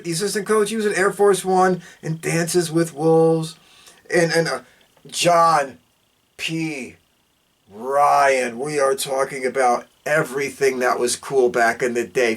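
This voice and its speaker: A man hosting a podcast, recapping a film plot in a casual, rambling way and swinging his voice up and down as he talks. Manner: excitable, rambling, jumps up and down in pitch; fast, loose delivery with fillers. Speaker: podcast host reviewing a film.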